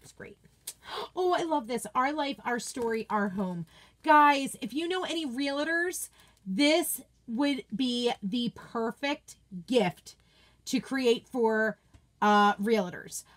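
An enthusiastic woman hosts a casual unboxing chat from her home office. She gushes over each item and answers her viewers in a chatty, excited way. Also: on the high side, slow. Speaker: craft product seller and video host.

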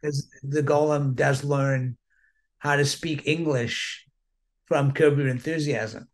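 A man, a comedian, interviewing an author on stage in a relaxed way and passing on audience questions. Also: medium pitch, slow. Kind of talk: onstage interview.

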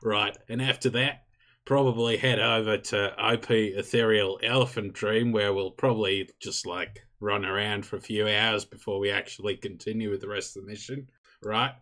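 A man's voice: lowish voice, steady tone, moderate pace, a bit bright, natural voice. A man voicing a crude, swaggering male squad commander with a put-on Australian accent, giving a mission briefing. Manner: blunt, crude, barking orders.

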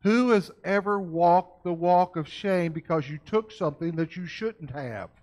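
A man leads a church lecture in a relaxed, folksy manner, his voice sitting a little on the high side. He talks with his listeners rather than at them, peppering his points with quick questions to the audience.

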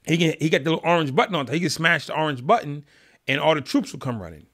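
A man calmly and vividly telling a story in an interview, in a streetwise manner. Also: on the high side, racing. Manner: calm, streetwise, vivid retelling. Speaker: guest.

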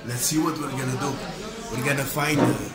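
A man's voice: mid-range voice, fairly even intonation, fairly quick, roomy sound. A young man playing a comic wildlife reporter, eager and playful in his commentary. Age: young adult. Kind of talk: comic nature-documentary spoof. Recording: loud crowd chatter around.

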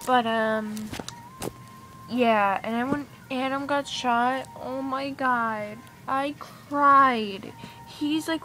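A teenage girl vlogging from her room with a slightly high voice. She rambles and gushes, peppering every sentence with "like" and "oh my god". Casual, unscripted chat into a handheld device. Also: a bit bright, slight background noise. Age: teens. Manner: gushing, rambling, heavy use of "like" and "oh my god". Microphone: iPod camera.

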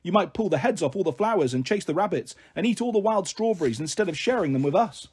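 A man's voice: high voice, expressive, fast talker, a little mellow, breathy edge. A man doing a playful big-sister girl. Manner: playful, coaxing storytelling.

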